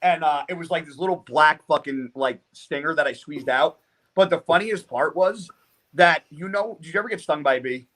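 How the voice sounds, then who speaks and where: Profane, animated storytelling man. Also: on the high side, normal speed. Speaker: podcast guest. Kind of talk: casual storytelling.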